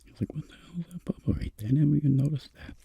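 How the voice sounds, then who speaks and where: A man voicing a puzzled, excitable male bird in whispered role-play, asking incredulous questions. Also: fairly high pitch, racing, vocal fry, background noise, voice pushed up.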